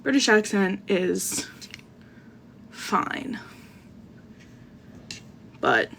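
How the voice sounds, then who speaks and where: A young woman chats bubbly and fast-moving on a casual live stream, her voice sitting mid-range with a gravelly fry. She jokes about herself and talks into a phone with an earbud mic. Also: medium pitch, sing-song, a bit bright, a little hiss or hum. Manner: bubbly, chatty, self-deprecating. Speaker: podcast host reading live. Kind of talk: casual livestream chat.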